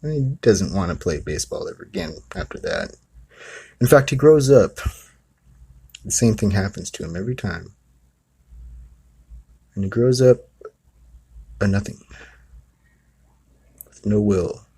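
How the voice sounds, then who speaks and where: A man's voice: on the low side, animated, measured pace, gravelly, pauses often, warm tone, husky. A man hosting a spiritual talk, telling a story in a casual, rambling way full of asides. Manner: rambling, with many asides of "you know" and "okay".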